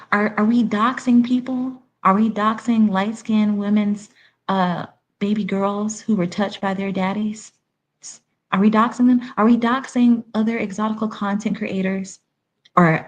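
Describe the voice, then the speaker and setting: A woman's voice: medium pitch, a little mellow. A woman from Haiti hosting a live stream. She gives blunt, sassy commentary and fires off rhetorical questions. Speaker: livestream commentator.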